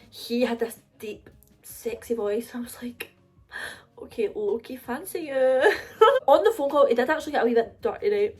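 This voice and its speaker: A young Scottish woman in her twenties telling a story straight to camera. She talks in a chatty, confiding way, packed with fillers, and her voice sits a bit high. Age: 20s. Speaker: vlogger. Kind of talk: casual storytime vlog.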